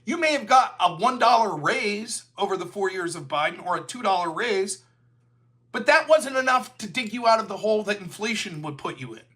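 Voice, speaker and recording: A man's voice: high-pitched, expressive, fairly quick, sharp tone. A man hosting a livestreamed political commentary show, talking in a heated, sarcastic way. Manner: sarcastic, heated, slips into mocking voices.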